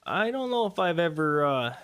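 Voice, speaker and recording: A man in his twenties, a race car driver, answering questions in a relaxed, rambling way on a radio interview. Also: fairly high pitch, normal speed, smooth. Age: 20s. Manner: easygoing, rambling with fillers. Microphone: studio microphone.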